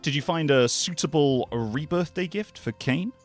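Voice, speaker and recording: A man's voice: on the high side, normal speed, close to an everyday voice. A man reading the lines of a friendly tavern keeper in a video game in a cheerful, slightly raised voice, with light music behind.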